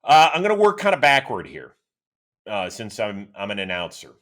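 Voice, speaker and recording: A middle-aged man from Cleveland hosting a solo sports show, answering listener questions in an animated, chatty storytelling way. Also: normal speed. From Cleveland, Ohio, USA. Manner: animated, chatty storyteller with lively swings in pitch. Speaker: host.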